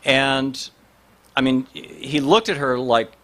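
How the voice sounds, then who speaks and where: A man's voice: mid-range voice, slow. A man recounts an anecdote in a loose, rambling storyteller's manner. His voice sits in a middle register, and he stacks restarts and asides as he goes. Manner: rambling, animated, voice rises sharply in quoted lines. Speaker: speaker telling a story.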